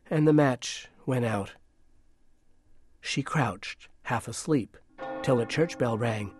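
A man narrating a storybook in a measured, hushed, gentle way. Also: mid-range voice, slightly rough, no echo, clean studio sound.

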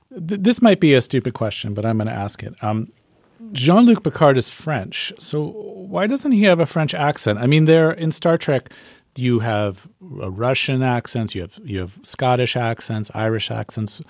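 A man's voice: mid-range voice, expressive, moderate pace, darkish tone, no echo. Curious male interviewer, dry close sound. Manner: curious, direct questioning. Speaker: interviewer, host. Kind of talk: interview questions.

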